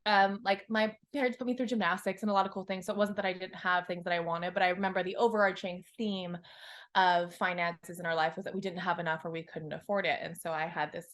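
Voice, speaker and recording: A success coach from Hawaii in her thirties tells her story on a podcast, candid and expressive, swearing freely and acting out her past thoughts. Her voice sits lowish and she speaks quickly.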